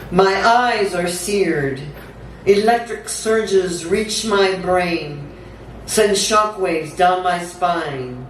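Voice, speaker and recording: A woman poet giving a live reading with a slow, incantatory delivery, repeating words for effect. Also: fairly low pitch. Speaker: featured poet. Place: theatre stage. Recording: echoey theatre, distant mic, faint hum.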